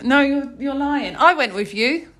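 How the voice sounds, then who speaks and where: A woman co-hosting a podcast, chatting casually, playful and mock-indignant with quick comebacks. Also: high voice, lively intonation, noisy background. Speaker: podcast co-host. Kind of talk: casual chat.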